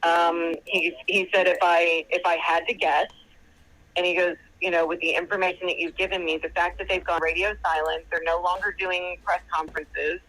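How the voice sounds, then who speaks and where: Calling in by phone, a woman speaks with a fairly low, slightly bright voice, a flat delivery, and a moderate pace over rough audio. She recounts a lengthy conversation, quoting others extensively as she chats.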